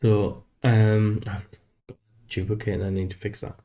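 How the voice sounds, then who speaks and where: A man streaming live while coding a game, thinking aloud in a halting, self-deprecating way. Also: lowish voice, flat delivery, dark tone, dull audio.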